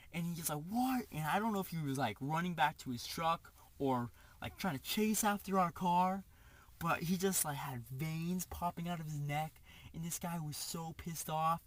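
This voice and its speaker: Young adult man, storytime vlog, slightly high voice, lively quoted bits. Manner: animated, acts out quotes, heavy filler "like". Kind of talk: casual storytime.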